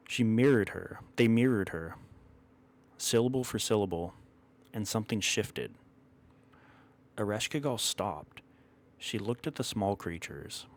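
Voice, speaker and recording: A man telling an old myth in a measured, dramatic way, stopping now and then to correct himself. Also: fairly low pitch. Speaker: storyteller. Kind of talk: storytelling narration of a myth.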